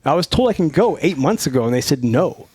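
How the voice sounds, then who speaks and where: A middle-aged man from Northern California, voice sitting a little high, tells a wild story in a loose, profane podcast chat. He laughs through it and acts out the quoted lines as he goes. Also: fast, breathy edge, dry recording. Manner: profane, laughing, animated retelling with quoted dialogue. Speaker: podcast guest, former Navy SEAL. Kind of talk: casual storytelling.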